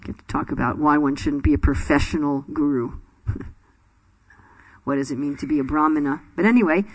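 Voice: medium pitch, normal speed, long pauses, slightly rough. A spiritual teacher telling a sacred story to a class in a loose, chatty way. The teacher laughs often and stops to quiz the listeners. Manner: chatty, laughing, quizzes the audience.

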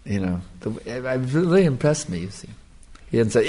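Older male preacher, mid-pitched, earnest storytelling talk. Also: sing-song, a little slow, long pauses, darkish tone, slight background noise. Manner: earnest, storytelling, repeats himself with restarts. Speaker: devotional speaker. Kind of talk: sermon with personal stories.

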